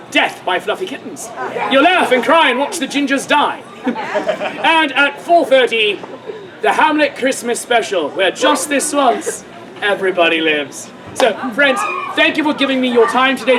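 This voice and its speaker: High-voiced man performing to a crowd. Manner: loud, playful, bantering with the crowd. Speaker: street performer. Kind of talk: comedic audience-participation show. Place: outdoor stage at a fair. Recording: live outdoor audience audible. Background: crowd laughing and cheering.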